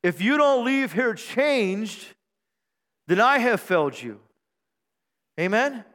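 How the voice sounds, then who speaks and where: A pastor preaches a sermon to his church, using humor and call-and-response to keep the room engaged and drawing out key phrases for emphasis. His voice is very high-pitched with a fairly bright tone, and a long reverb tail fills the church sanctuary.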